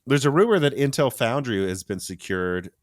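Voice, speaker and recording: A man hosting a casual tech podcast, talking in an animated, rambling way with restarts and asides. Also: mid-range voice, normal speed, no echo, clean studio sound. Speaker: podcast host.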